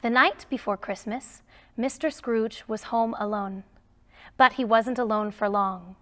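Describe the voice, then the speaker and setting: A woman reading a children's storybook aloud, slow and expressive with emphatic lines. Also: on the high side. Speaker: storybook reader.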